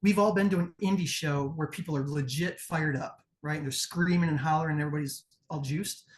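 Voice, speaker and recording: A man's voice: on the high side, fairly quick. A man with a Midwestern American accent judging wrestling promos in a blunt, profane, candid critique. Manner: blunt, profane, acts out crowd chants. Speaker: promo competition judge.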